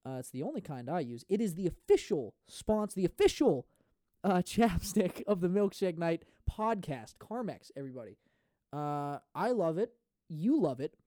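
A man's voice: sits high, very animated, moderate pace, warm tone, dry recording, studio quality. A man hosting a solo comedy podcast, rambling through profane, goofy, self-mocking jokes into a podcast microphone. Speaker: podcast host. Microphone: studio podcast microphone.

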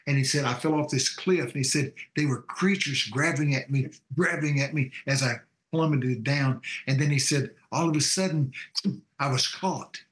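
A man's voice: mid-range voice, moderate pace, roomy sound. A man, a pastor telling a testimony and preaching in a folksy, fervent cadence. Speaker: pastor and show guest. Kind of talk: preaching testimony on a call-in show.

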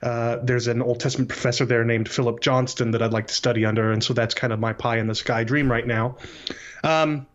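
A man in his late thirties, a podcast guest, telling his life story in a casual interview in an earnest, measured way. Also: medium pitch, fairly even intonation. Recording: slightly dull lo-fi audio.

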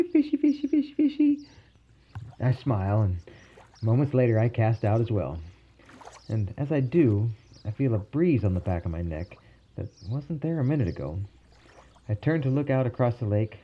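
A man narrating a personal story in a calm, wry way. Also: on the low side, slightly rough, dull audio.

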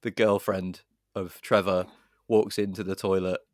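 A man's voice: deep voice, unhurried, dry recording, clean studio sound. A man co-hosting a podcast, retelling a horror film plot in casual chat, swearing and acting out the lines with relish. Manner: animated storyteller, swearing, puts on dramatic voices for quotes. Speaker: podcast co-host.

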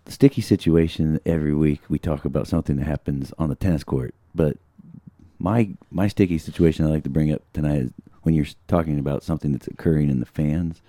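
A man's voice: very deep voice, quick pace, dark tone, dry recording. A young American man co-hosting a tennis podcast, leading a segment in a rambling, opinionated way. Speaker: podcast co-host. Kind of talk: casual sports chat.

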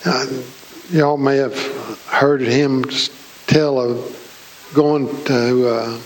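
Slow folksy preacher man. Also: medium pitch, fairly even intonation, low-quality recording. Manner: folksy, slow, joking with the congregation. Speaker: pastor. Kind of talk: sermon. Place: church.

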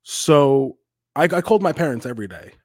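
A man's voice: fairly high pitch, lively intonation, a little fast, no room sound, studio quality. Candid, profane man on a podcast. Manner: candid and profane, swings into loud re-enacted quotes. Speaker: podcast co-host. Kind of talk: casual podcast chat.

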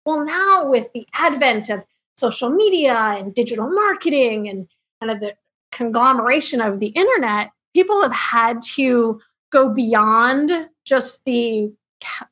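A woman in her thirties, a marketing firm founder, telling her career story in an upbeat, lively way as a podcast interview guest. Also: on the high side, slightly rough. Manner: upbeat storytelling, quick asides and laughs. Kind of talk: interview answers.

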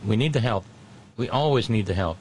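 A man's voice: on the low side, lively intonation, a little fast. Male radio host, casual on-air chat, stammering restarts, wry storyteller, faint hiss. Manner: chatty storyteller, wry and self-deprecating.

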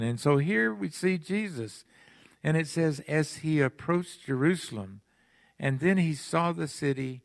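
A man preaching a sermon in a church, earnest, asking the congregation pleading questions and pausing between phrases. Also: a little high, fairly bright tone, dry recording. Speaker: pastor. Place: church sanctuary.

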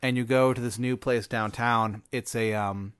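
Deadpan rambling man, dry room. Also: medium pitch, smooth, no echo. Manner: rambling, deadpan, acts out side characters in quick asides. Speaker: podcast host posing a hypothetical. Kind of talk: improvised comedic storytelling.

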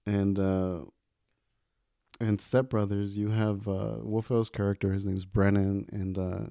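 A man's voice: fairly low pitch, little pitch movement, unhurried, mellow, clean tone, dry recording, clean studio sound. A man co-hosting a podcast, chatting casually about movie quotes in a laid-back, rambling way and laughing often. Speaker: podcast co-host.

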